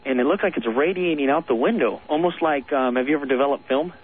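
A man's voice: fairly high pitch, fast, husky. A man calling in to a radio show, telling a long ghost story in an earnest, rambling way with nervous laughs. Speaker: caller. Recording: tinny phone line on radio.

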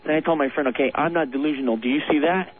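A man's voice: fairly high pitch, rapid-fire. A man calling in to a radio show, telling a long ghost story in an earnest, rambling way with nervous laughs. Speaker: caller. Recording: tinny phone line on radio.

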